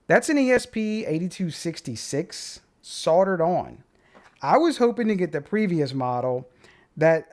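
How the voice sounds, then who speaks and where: A man hosting a casual gadget unboxing and review, rambling and opinionated with plenty of asides. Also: medium pitch. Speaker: tech channel host.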